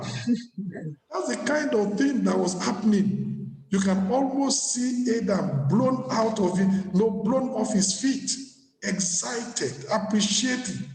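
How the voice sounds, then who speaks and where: A man's voice: high voice, expressive, measured pace, a little mellow. A man preaching a sermon as pastor, with humor and wordplay and frequent laughter. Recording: echoey church hall.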